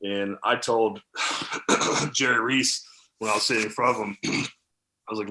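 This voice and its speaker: A lowish-voiced man in his thirties spins candid stories in a casual interview, full of fillers and asides. His voice rings in a roomy, echoey space. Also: measured pace, long pauses, slight background noise. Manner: animated, candid storytelling with fillers. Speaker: podcast guest, former NFL tight end.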